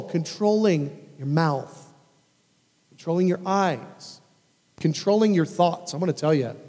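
A man preaching a sermon as a pastor, emphatic and animated, repeating phrases for weight. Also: on the high side, in a large hall.

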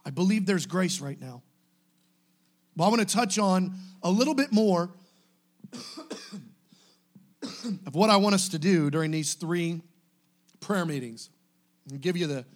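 A man preaching to his church, impassioned and exhorting, swinging from quiet pleading to shouting. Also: on the high side, a little slow, long pauses. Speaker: pastor. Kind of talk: sermon.

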